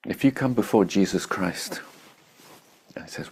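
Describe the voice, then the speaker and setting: A man's voice: lowish voice, measured pace, darkish tone, slightly rough. A man giving an informal spiritual talk as a meditation teacher, blunt and joking, laughing at his own points.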